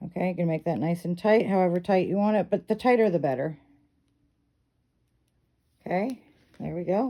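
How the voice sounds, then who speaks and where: A woman's voice: medium pitch, mellow. A middle-aged woman casually explaining step by step how to style a doll's hair, chatty and instructive, checking in often with "okay". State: hiccups. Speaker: reborn doll hair tutorial host.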